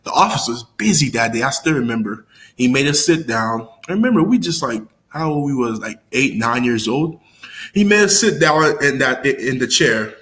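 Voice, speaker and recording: A man's voice: moderate pace, rough recording. Slangy young man telling a rambling story. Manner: loose and rambling, slangy, with many fillers and restarts; animated, jumps high when acting out scenes. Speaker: YouTuber telling a story to viewers. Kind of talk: casual storytime vlog.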